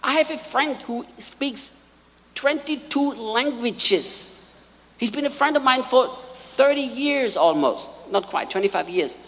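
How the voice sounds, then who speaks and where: A man preaching a sermon in a large hall, emphatic, repeating key lines and swinging between quiet asides and loud peaks. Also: very high voice, animated, unhurried. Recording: long hall reverb.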